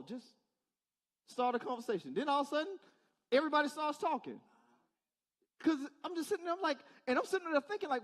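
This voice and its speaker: A man's voice: very high voice, very animated, quick pace, pauses often. A male pastor giving a conversational sermon in church, asking the congregation rhetorical questions in a casual, direct way. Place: church service.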